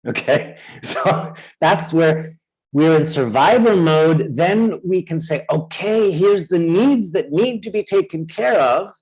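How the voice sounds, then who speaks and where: A man presenting a webinar who acts out inner voices with sudden high cries and keeps checking in with his audience. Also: lively intonation, slow, darkish tone, husky, low-quality recording. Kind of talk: webinar teaching.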